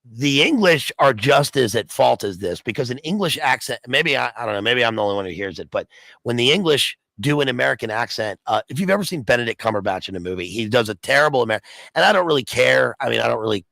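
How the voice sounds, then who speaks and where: A man's voice: mid-range voice, lively intonation, fast talker, vocal fry, sharp tone, no room sound, rough recording. A man, a guest on a video stream, chatting casually and musing aloud with many restarts. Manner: rambling, restarts often, muses aloud. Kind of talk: casual chat.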